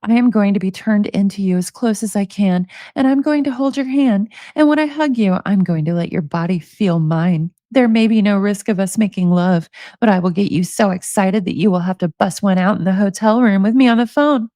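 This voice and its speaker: A woman in her forties reads emails aloud in a casual commentary, breaking off to make sarcastic, amused remarks. Her pitch sits in the middle, and the recording is close and dry with no room sound. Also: brisk, hardly any pauses, dark tone, no echo. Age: 40s. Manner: amused, sarcastic, laughs often. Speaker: commentary host reading prison emails.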